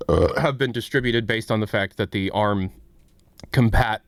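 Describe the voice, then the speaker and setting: A man's voice: fairly low pitch, moderate pace, creaky, no room sound. A man hosting a casual livestream, rambling as he answers chat questions. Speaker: streamer and host.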